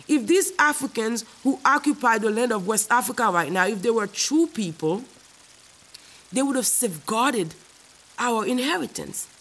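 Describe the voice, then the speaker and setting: A woman's voice: fairly high pitch, fairly bright tone. Haughty woman scolding. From Haiti. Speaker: comedian. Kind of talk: confrontational comic rant.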